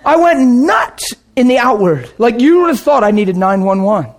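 A man preaching a sermon and telling his own conversion story, emphatic and dramatic, dropping to a hush and then shouting. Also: very high-pitched, very animated, moderate pace. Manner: emphatic, dramatic, swings between hushed and shouting. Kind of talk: sermon with personal testimony.

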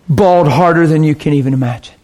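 Man, preacher, storytelling sermon, fairly high voice, animated, drops to hushed tones.

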